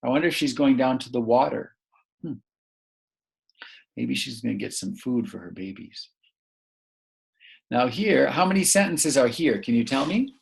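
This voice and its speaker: A man teaching a young English learner, reading a picture book aloud slowly and asking many encouraging questions. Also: medium pitch, expressive, creaky. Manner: slow, encouraging, full of questions.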